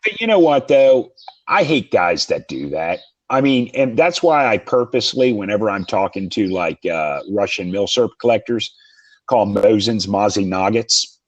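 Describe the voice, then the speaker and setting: A man's voice: lowish voice, very animated, moderate pace. A man co-hosting a podcast in casual chat, blunt and profane. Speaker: podcast co-host.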